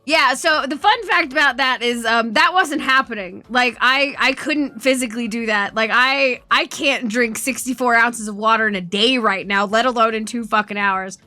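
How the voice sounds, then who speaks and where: A woman streamer chatting casually with her viewers, her voice high and bright. She swears freely and laughs through her story. The sound is dry and close, with faint music underneath. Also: normal speed, hardly any pauses, no echo. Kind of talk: casual chat.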